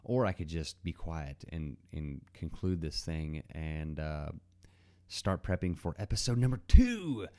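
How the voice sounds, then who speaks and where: A man with a very low, mellow voice talks alone into the mic as a podcast host. His delivery is loose and rambling, full of ums and restarts. It sounds unscripted. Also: sing-song, measured pace. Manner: rambling, many fillers and restarts. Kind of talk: casual solo podcast monologue.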